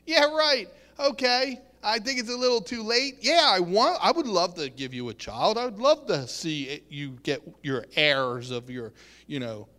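A preacher doing an elderly woman who scoffs with amused doubt, her voice lifted high and bright. The voice rings out through a long hall echo. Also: very animated, normal speed. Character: old woman laughing in disbelief.

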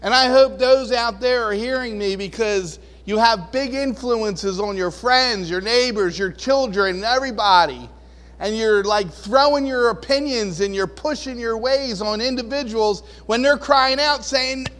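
A man's voice: very high voice, fairly bright tone. A man preaching a casual, conversational sermon, chuckling often and acting out the voices he quotes. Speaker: pastor. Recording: long reverb of a large hall.

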